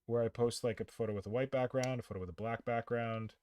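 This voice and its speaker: Stream host, man, loose and joking, average pitch, talks off the cuff. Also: steady tone, quick pace, darkish tone. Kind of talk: casual chat.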